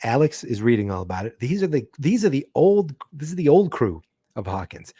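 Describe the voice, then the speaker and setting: A man's voice: mid-range voice, sing-song, a little fast, mellow, slightly rough, no room sound, clean studio sound. A man hosting a live book-club podcast, reading a comic aloud and breaking off for chatty asides. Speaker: podcast host.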